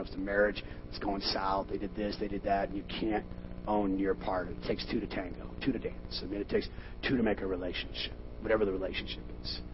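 A middle-aged man preaching a sermon in a low voice, animated and quick to burst out loud when acting out arguments. The recording is dull and lo-fi, with a faint hum underneath. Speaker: pastor.

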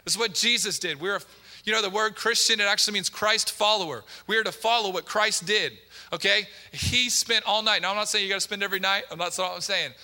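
A man's voice: sits high, fast, bright, forceful tone. A male pastor preaching a sermon to his congregation, emphatic and repetitive, often putting direct questions to the listeners. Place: church sanctuary. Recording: long hall reverb in a church.

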